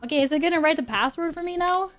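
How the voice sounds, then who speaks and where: High-voiced woman streamer swearing through gameplay. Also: very fast, a bit bright. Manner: reactive, swears and exclaims often. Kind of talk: live gameplay commentary.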